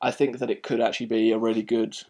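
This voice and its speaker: A man hosting a casual film review chat, talking in a rambling, animated way and often restarting his sentences. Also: on the low side, quick pace.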